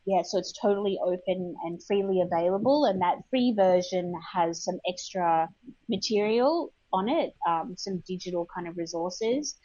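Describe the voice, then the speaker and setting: A woman's voice: on the low side, normal speed, mellow, dry recording, lo-fi sound. Chatty woman from Australia, remote line. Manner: chatty, laughing, many fillers. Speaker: guest historian. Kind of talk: interview answers.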